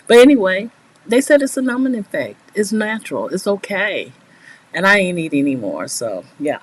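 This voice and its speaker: A middle-aged woman talks casually and at length to her viewers from a small bedroom desk, laughing often between stories. Her voice sits a little low, and a faint ambient hum stays under it. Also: low-quality recording. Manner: chatty, rambling, laughs often. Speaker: writing streamer. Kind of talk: casual chat to live viewers. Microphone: new desk mic, not yet working well.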